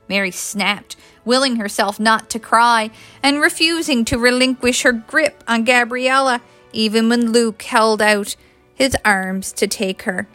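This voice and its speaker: A woman reading a story aloud in a steady, expressive storybook narration. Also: on the high side, unhurried, no room sound, soft background music. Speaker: audiobook reader.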